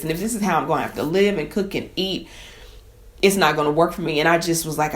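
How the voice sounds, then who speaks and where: Woman, chef, deep voice, heartfelt conversational storytelling. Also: lively intonation, brisk. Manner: emotional, conversational, addresses viewers as y'all. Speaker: chef and cooking teacher. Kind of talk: personal story to camera.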